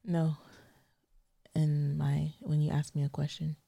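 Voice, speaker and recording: A woman's voice: low-pitched, flat delivery, slow pace, vocal fry, mellow, husky, no room sound. A young adult woman co-hosting a casual marriage podcast, talking emotionally and hesitantly, close to tears. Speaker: podcast co-host. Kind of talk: casual chat.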